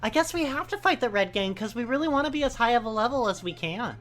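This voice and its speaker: A woman from the US West Coast co-hosting a game playthrough, rambling in casual, animated commentary with sudden high exclamations. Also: fast, faint music behind.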